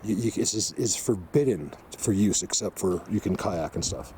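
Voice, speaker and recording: A man hosting an outdoor vlog, rambling excitedly with many fillers as he walks through a mountain forest. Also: deep voice, moderate pace, a little hiss or hum. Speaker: vlog host exploring the outdoors. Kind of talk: casual walking vlog commentary.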